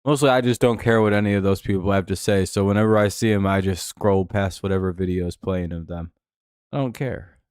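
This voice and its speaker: A man's voice: deep voice, steady tone, fairly quick, a little mellow, clean tone, dry recording. Man, live stream host, casual game commentary, dry delivery, dead dry close mic. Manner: laid-back, dry, chatting with viewers.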